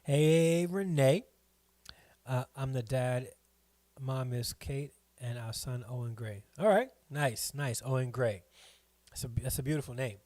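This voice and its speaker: A man's voice: mid-range voice, darkish tone, dry recording. A middle-aged man hosting a live stream from home, chatting casually, rambling and reading viewer comments aloud.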